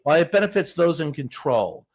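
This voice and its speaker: A man's voice: on the high side, animated, normal speed. A man who is a White House correspondent, speaking as a guest in a podcast interview, blunt and emphatic, telling stories and swearing for emphasis.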